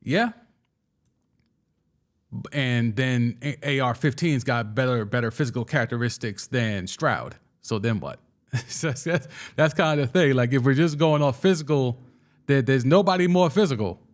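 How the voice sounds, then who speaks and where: A young man hosting a casual sports talk show, excitedly giving his takes and answering viewer comments, often restarting and stumbling over his words. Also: mid-range voice, moderate pace. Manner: excitable, with frequent restarts and stammers. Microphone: studio microphone.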